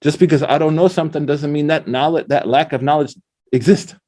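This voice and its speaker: A middle-aged man, an Islamic scholar, giving a casual religious lecture with animated storytelling, slang and recited Arabic quotations. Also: on the high side, a little fast.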